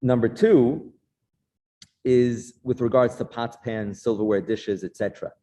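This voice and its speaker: A man's voice: mid-range voice, fairly even intonation, measured pace, mellow. A middle-aged man with a New York accent giving an informal class as a rabbi, chatty and storytelling, with frequent restarts.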